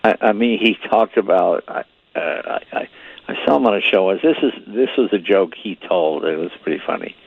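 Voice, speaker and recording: An older man telling stories in a casual chat. He rambles and repeats words, and grows animated as the story builds. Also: sits low, normal speed, gravelly, slightly rough, dry recording, narrow, tinny audio.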